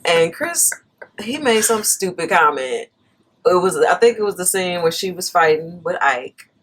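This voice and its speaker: A podcast co-host with a fairly low voice tells a story at an unhurried pace during a casual chat, animated and laughing a lot, and she talks back when someone cuts her in. Slight background noise is present.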